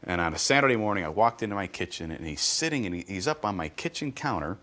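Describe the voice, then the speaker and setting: A man's voice: on the low side, fast talker. A middle-aged man performing a stand-up comedy routine, telling stories with punchy asides. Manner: animated storytelling with punchy asides.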